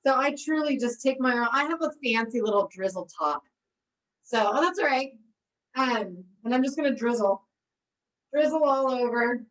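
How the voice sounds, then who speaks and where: A woman's voice: high-pitched, expressive, moderate pace, a bit bright, distant mic, poor audio. A woman leading a live online cooking class, bubbly and encouraging, laughing often as she talks her students through each step. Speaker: recreation therapy cooking instructor.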